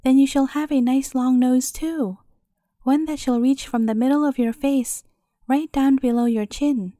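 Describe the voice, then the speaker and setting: A rude and menacing old crone from a storybook, muttering in a cracked, croaking voice, played by a woman reading aloud. The voice sits high yet dark, in a dry, close sound. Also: steady tone, no echo. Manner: slow, grim muttering.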